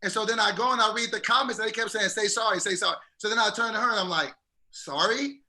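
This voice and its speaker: A man's voice: high voice, rapid-fire. A man co-hosting a podcast, telling a story in casual chat and acting out quotes with energy. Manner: animated storyteller, acts out quotes. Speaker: podcast co-host.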